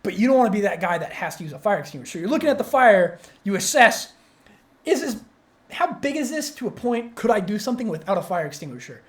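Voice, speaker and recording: A young man co-hosting a podcast, telling a story in casual chat, excitable and rambling with frequent swearing and restarts. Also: high voice, fast. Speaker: podcast co-host.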